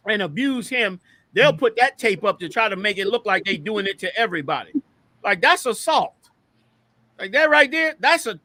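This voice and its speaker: A man's voice: high voice, bright, forceful tone, dry recording. A man hosting an online show, giving heated, emphatic commentary over video clips and repeating his points like a preacher. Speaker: host.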